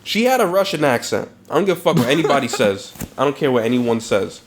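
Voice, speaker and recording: A man co-hosting a podcast in a loose, casual way. His voice sits at an ordinary middle pitch, and he swears freely as he talks. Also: quick pace, a little hiss or hum. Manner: loose, profane, animated film talk. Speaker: podcast co-host. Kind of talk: casual chat.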